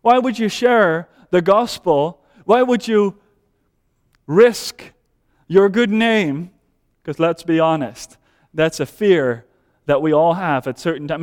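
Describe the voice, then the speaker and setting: A man whose first language is Dutch preaches to a congregation, pressing his points with repetition and swinging between hushed lows and emphatic highs. His voice sits high and comes through smooth and resonant. Long reverb from the church hall trails each phrase. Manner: emphatic, repeats phrases, drops to soft low voice then rises. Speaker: pastor. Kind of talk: sermon.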